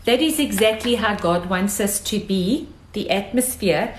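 A woman's voice: mid-range voice, a little slow, slight background noise. A woman preaching a sermon, emphatic and fond of repeating phrases for effect. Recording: echoey room.

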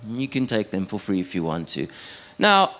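A man performing a stand-up comedy set as a radio producer, animated, with stumbling restarts. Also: fairly low pitch, moderate pace.

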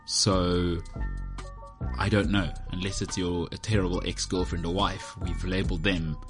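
A man's voice: low-pitched, level tone, measured pace, over music. A man hosting his own podcast, talking in a rambling, self-mocking, joking way as he chats on his own. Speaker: podcast host. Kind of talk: casual solo podcast monologue. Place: indoors, heated room.

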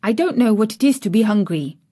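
A woman's voice: mid-range voice, animated, brisk, warm tone, lightly acted. A woman voicing an aloof, spoiled little girl who speaks curtly and with indifference. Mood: cold. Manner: cold, curt, indifferent.

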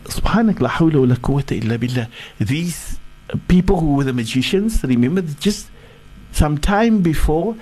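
Mellow-voiced man telling a sermon story. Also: mid-range voice, rough recording. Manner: halting, repeats words while searching. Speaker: sheikh.

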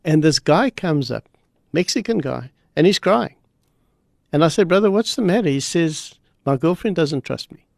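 A man's voice: on the high side, lively intonation, unhurried, creaky, darkish tone, no echo, studio quality. A man speaking as a guest pastor on a radio program, telling a story in an earnest, emphatic way.

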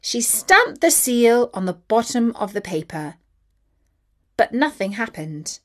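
A woman narrating a children's story in a gentle, expressive way. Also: on the high side, measured pace.

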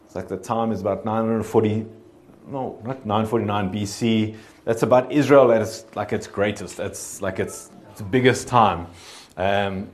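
Low-voiced man giving a casual sermon. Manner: relaxed, hesitant, many fillers and restarts. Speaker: preacher. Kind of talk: casual sermon with scripture reading.

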